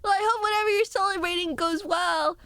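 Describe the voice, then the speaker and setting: A young woman streaming and chatting casually with viewers, giggly and animated. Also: no echo. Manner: giggly and animated, quick jumps in pitch. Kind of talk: casual chat reading viewer messages.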